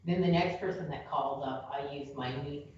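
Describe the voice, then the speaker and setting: A woman's voice: deep voice, a little fast, darkish tone. A woman chatting casually and telling stories with jokey asides. She is heard from far off in a very echoey room. The recording is dull and lo-fi, with faint noise. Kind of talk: casual chat.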